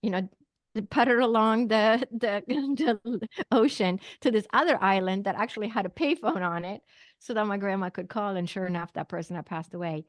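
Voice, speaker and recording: A middle-aged woman from Sweden tells a personal story as a podcast guest, at an average pitch. She acts out the lines of the people in her story and uses plenty of fillers. Her voice sounds close and dry. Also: moderate pace, no room sound. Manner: animated storyteller, acting out quoted dialogue, frequent fillers.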